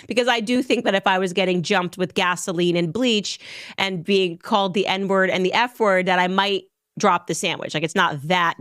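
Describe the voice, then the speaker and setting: A woman's voice: fairly low pitch, fairly bright tone, no room sound, clean studio sound. Sarcastic woman interviewer. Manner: sarcastic, mocking, laughs often. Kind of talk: casual interview.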